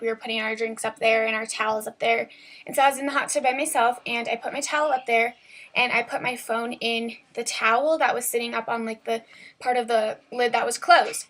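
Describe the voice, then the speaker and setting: A teenage girl talks straight into a camera at home, telling a story about her own life. She rambles and fills every pause with "like" and "um", in a voice that sits a little high. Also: a bit bright. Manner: chatty, rambling, full of "like" and "um". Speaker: vlogger. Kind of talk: casual storytelling vlog.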